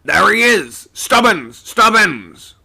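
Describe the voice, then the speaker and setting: A man voicing a gruff, short-tempered old ship's captain who shouts orders up the rigging. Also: high-pitched, very animated, takes it slowly, pitched above the performer's own voice, heavily acted. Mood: shouting.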